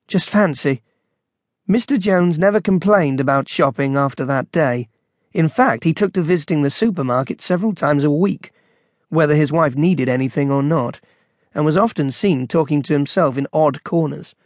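A man narrating an audiobook in a measured, wry storytelling manner on a close studio mic. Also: fairly high pitch, no room sound.

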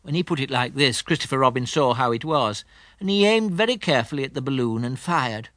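A man reading a classic children's storybook aloud in a gentle, unhurried, expressive way. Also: medium pitch, no room sound, clean studio sound. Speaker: audiobook narrator.

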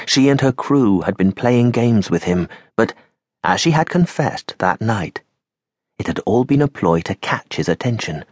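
Guy reading a kids audiobook, kinda breathy voice, slow and dramatic, drops real quiet on the sad bits. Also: lowish voice, no room sound, studio quality. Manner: measured and dramatic, slowing and dropping to a hush on grave moments. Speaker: audiobook narrator. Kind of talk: scripted audiobook narration.

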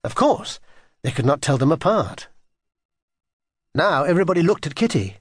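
A man narrating a children's audiobook in an expressive, animated storytelling manner. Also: a little high, normal speed, pauses often, breathy edge, no room sound, studio quality.

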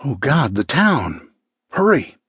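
Frantic scared woman in an audiobook, narrator guy doing her, raised husky voice, dry and close. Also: mid-range voice, very animated, normal speed, no echo. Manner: anxious, urgent. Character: frightened young woman in a disaster.

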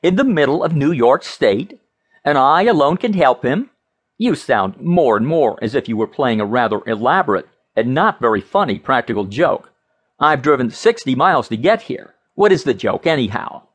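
A man's voice: mid-range voice, very animated, moderate pace, fairly bright tone, husky. A man voicing a skeptical, sardonic young man in a dry, doubting manner.

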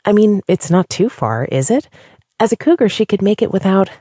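A woman's voice: medium pitch, animated, fairly quick, mellow, slightly rough, no room sound, clean studio sound, voice pushed up. A woman voicing an anxious but determined young woman who pleads and pushes her point, at times heatedly. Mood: hesitant. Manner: pleading, rising to heated insistence.

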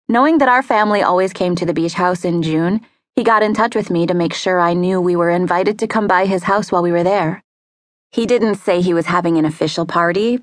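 Low-voiced woman narrating an audiobook. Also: no room sound, studio quality. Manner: measured, conversational storytelling. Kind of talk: first-person audiobook narration. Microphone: close studio mic.

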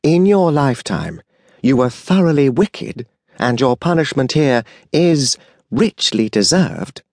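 A man voicing a stern, measured male angel in an audiobook, speaking slowly and deliberately in a lowered tone. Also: big pitch swings, darkish tone, no room sound, studio quality, heavily acted. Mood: admonishing. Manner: slow, deliberate, lowered delivery. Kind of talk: audiobook character voice.

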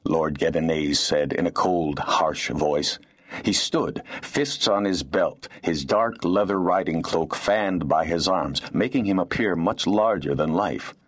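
A man reading a fantasy novel aloud as an audiobook narrator, with expressive storytelling. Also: deep voice, normal speed. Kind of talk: scripted narration.

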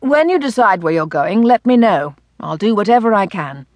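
A woman voicing a male doctor in an audiobook who gives frank, gently scolding advice. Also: mid-range voice, expressive, moderate pace, no room sound, natural voice. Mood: kind. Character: country doctor, man, blunt and caring.

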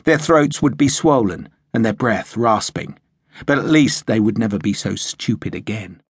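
A man reading a novel aloud as audiobook narrator, with measured storytelling. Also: fairly low pitch, slightly rough, no room sound, clean studio sound. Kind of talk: scripted narration.

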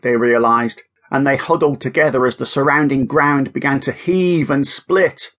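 A man narrating a children's audiobook in a lively, expressive way. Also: mid-range voice, moderate pace.

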